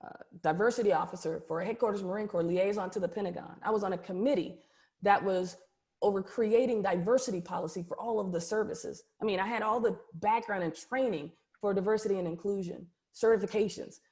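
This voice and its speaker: A middle-aged woman, a keynote speaker and coach from the United States, tells a personal story over a video call in an emphatic, animated way and often checks in with her listeners. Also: mid-range voice, brisk.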